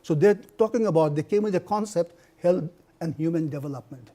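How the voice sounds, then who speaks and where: An older man who grew up in India is lecturing to students, his voice pitched a little above the usual. He tells personal stories in a lively, digressive way, laughing and restarting often. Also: fairly quick. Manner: animated storytelling with frequent laughs and restarts.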